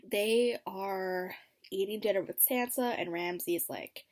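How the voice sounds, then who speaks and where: Taking it slowly, a TV reaction vlogger casually goes over an episode. Her chatty, expressive delivery is full of ums and likes and shifts from energetic outbursts to quiet muttered asides.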